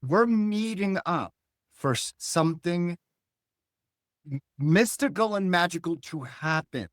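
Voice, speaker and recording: An older man and guest cartoonist, talking in a reflective, philosophical way and telling animated stories in a relaxed interview. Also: sits high, takes it slowly, no echo, studio quality. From Hull, Massachusetts.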